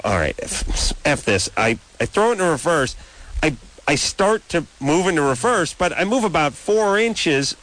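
A man's voice: a little high, fairly bright tone. A male radio talk show host telling rambling, exasperated comic stories in a casual way, acting out both sides of exchanges.

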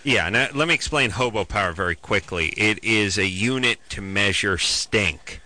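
A man hosting a comedy radio call-in show, a wisecracking and animated storyteller. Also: lowish voice, moderate pace.

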